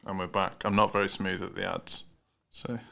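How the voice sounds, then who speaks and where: This British podcast host has a low, creaky voice with a bright, forceful tone, speaking at normal speed and a level pitch. He's in a casual interview chat, laughing easily and often restarting his phrases.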